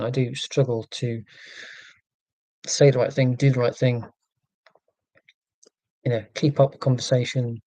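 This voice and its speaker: A man's voice: mid-range voice, dark tone, dry recording. A man chatting casually and reading out viewer comments, rambling and wry about himself. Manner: rambling, self-deprecating, wry. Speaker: YouTuber answering viewer comments. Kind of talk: casual rambling live chat.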